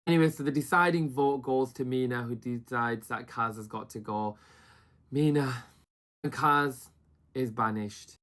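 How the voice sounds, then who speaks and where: A man giving a chatty, gossipy recap of a reality show, slipping into quick impressions of the people he talks about. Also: medium pitch, a bit bright.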